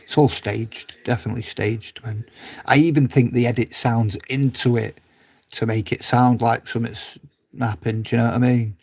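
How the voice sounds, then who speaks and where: A man chatting casually on a live stream, reading comments aloud, rambling, swearing freely and laughing often, sometimes dropping to a low mutter. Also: steady tone, normal speed, gravelly, darkish tone.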